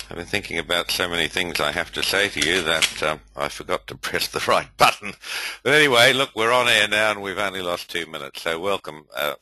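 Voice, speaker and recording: An older man hosts a casual webcast with a deep, sharply bright voice. He rambles, full of ums and uhs, as he greets his listeners. The sound is dry and close. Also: dry recording, rough recording. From India. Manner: rambling, many fillers, friendly roll call. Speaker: host. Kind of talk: casual webinar welcome.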